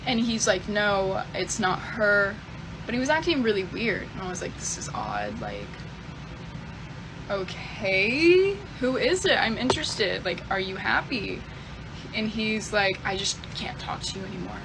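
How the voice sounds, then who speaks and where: A woman's voice: medium pitch, expressive, moderate pace, noisy background. A young woman casually telling a confessional story, rambling and swearing a lot. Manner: profane, rambling, fillers like "type beat". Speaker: storyteller in a clip.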